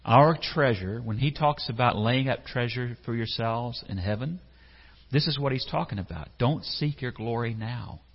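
Husky-voiced preacher in an echoey hall. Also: male voice, mid-range voice, moderate pace. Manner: conversational, asks the congregation questions, acts out quotes. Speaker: pastor. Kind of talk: sermon. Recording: echoey hall, slightly dull sound.

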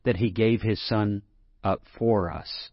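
A man's voice: on the low side, fairly even intonation, takes it slowly, no room sound, lo-fi sound. A man preaching a sermon in a conversational way, rising to emphatic scripture reading. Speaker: pastor.

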